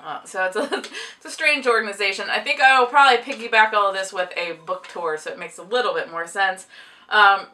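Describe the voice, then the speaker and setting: Her voice is a little high with a sharp tone, picked up by a distant mic. She's a book vlogger who also teaches a book publishing class, chatting casually to camera about her books, rambling, laughing frequently, and clicking her gum audibly.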